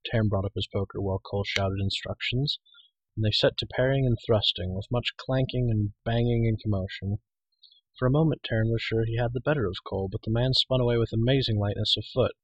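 Male audiobook reader, low and husky, steady and measured. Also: no room sound, highs cut off. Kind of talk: audiobook reading.

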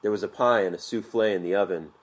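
A man narrating an audiobook in a measured, vivid storytelling manner. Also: on the low side.

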